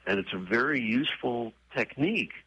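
A man being interviewed, telling stories and acting out quoted voices with husky tone. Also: mid-range voice, lively intonation, normal speed, sharp tone, low-quality recording. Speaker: guest, horse trainer and author. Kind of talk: conversational interview storytelling.

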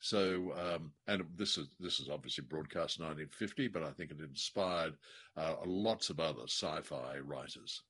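A man co-hosting a podcast, thoughtful and wry, sometimes slowing down to make a point. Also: extremely low pitch, fairly bright tone, breathy edge. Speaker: podcast co-host. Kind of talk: casual chat reviewing an old radio drama.

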